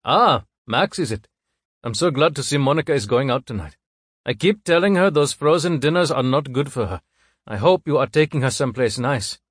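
A man's voice: medium pitch, lively intonation, moderate pace, husky, no room sound, clean studio sound, pitched above the performer's own voice. A man voicing a kindly, fatherly older male doctor with an Indian accent.

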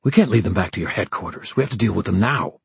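A level-headed young fighter from an audiobook, urgent and firm, as the male narrator voices him. The lines come fast, close to the reader's own deep, husky voice in a dry sound. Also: animated, no room sound, full character voice. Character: steady young man fighter.

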